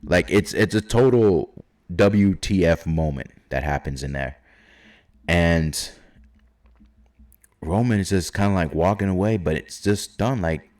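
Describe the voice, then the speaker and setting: Alone and casual, a man works through his wrestling predictions in a low, slightly mellow voice, speaking a little slowly with long pauses. He rambles and hesitates with plenty of fillers, occasionally voicing imagined fans and wrestlers.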